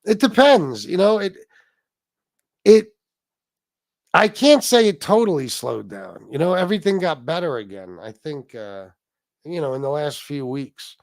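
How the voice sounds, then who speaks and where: A man hosts a casual livestream, chatting loosely and profanely with viewers, reading their donations, and restarting himself often. His fairly high voice swings widely in pitch, at a measured pace with frequent pauses. The sound is studio quality with no room sound.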